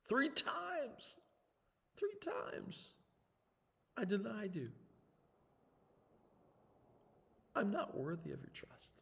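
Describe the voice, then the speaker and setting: Pastor doing a guilt-wrecked guy pleading up high, strained, echoey church. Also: huge pitch swings, slow, gravelly, bright, forceful tone, heavily acted. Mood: anguished. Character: anguished guilt-ridden grown man pleading.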